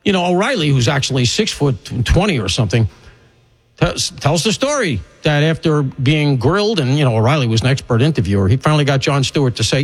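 Animated, opinionated middle-aged talk radio host. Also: male voice, a little fast, husky. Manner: animated and conversational, swinging pitch widely for emphasis; digressive, thinking aloud. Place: broadcast studio.

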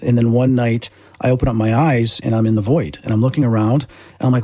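Man, talk host, husky voice, dry close sound, animated. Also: mid-range voice, fast talker, no room sound. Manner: animated, eager storytelling. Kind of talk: conversational chat.

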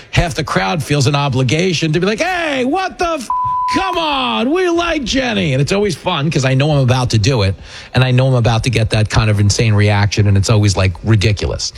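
A man's voice: medium pitch, quick pace. A middle-aged man hosting a talk radio show, giving mocking political commentary full of jokes and mimicked voices. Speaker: radio talk host and comedian.

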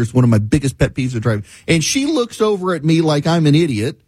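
A host rants with sarcastic exasperation, his husky voice swinging widely in pitch. The sound is dry and close, with no room echo. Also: sing-song, moderate pace, few pauses, a little mellow. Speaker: talk show host. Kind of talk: ranting monologue.

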